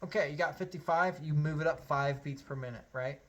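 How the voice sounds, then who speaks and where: A man's voice: fairly high pitch, brisk, over loud music. Upbeat man teaching harmonica. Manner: friendly, explains step by step, counts beats aloud. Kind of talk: online music lesson.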